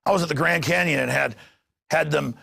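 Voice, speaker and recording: A man hosting a news commentary show, ranting with passion and bursting into shouts. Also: on the high side, brisk, creaky, no echo, studio quality. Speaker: talk show host. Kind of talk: heated news commentary monologue.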